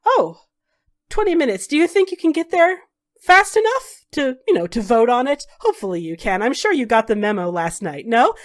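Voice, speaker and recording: A woman's voice: mid-range voice, sing-song, fast, hardly any pauses, close to an everyday voice. Woman doing a menacing, silky male noble for a tabletop game. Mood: mocking. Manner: mock-polite, taunting. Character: cruel smug male magister, sly and menacing.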